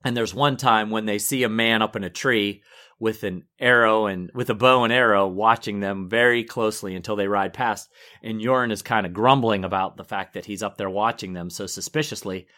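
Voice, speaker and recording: A man co-hosting a relaxed podcast conversation. He chats easily, laughs often, and drifts off mid-sentence before picking the thought back up. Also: on the low side, a little fast. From northern United States. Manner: chatty, laughs often, trails off and restarts. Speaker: podcast co-host. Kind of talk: casual chat.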